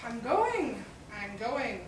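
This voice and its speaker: A brash, hustling street performer in a stage play. She has a sly, wheedling sales patter in a high voice. The sound comes from a distance in a very echoey hall with faint background noise. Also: sing-song, very slow, exaggerated voice. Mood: proud.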